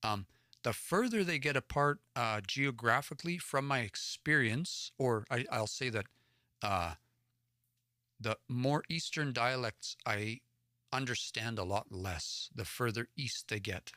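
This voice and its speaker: A man's voice: mid-range voice, measured pace, sharp tone, no echo, clean studio sound. A man from the Edmonton area in Alberta, hosting a livestream where he reads a story aloud, translates it word by word, and sounds out words he is unsure of. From Edmonton area, Alberta, Canada. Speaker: livestream host reading Cree stories.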